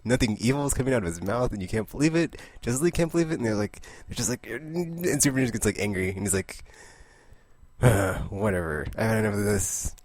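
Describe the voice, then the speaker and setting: A man casually recapping a comic book issue, rambling, laughing often and slipping into quick character voices. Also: mid-range voice, lively intonation, a little mellow, no room sound. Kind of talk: casual comic review monologue.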